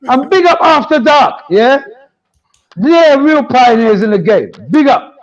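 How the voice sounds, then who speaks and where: A man, a DJ guest telling stories in lively, laughing podcast chat. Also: very high voice, a little slow, lo-fi sound. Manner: lively storytelling, frequent laughter.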